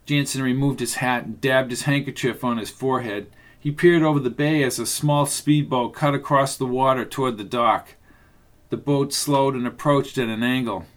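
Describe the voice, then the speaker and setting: A man reading a novel aloud as narrator, in a steady, measured way. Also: mid-range voice. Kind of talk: audiobook narration.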